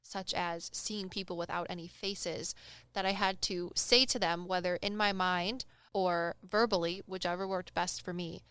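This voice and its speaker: A young woman casually telling a personal story on a podcast, animated and acting out the people she quotes. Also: medium pitch, normal speed, smooth, dry recording. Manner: animated, acts out quoted voices, laughs often. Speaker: medium telling stories on a podcast.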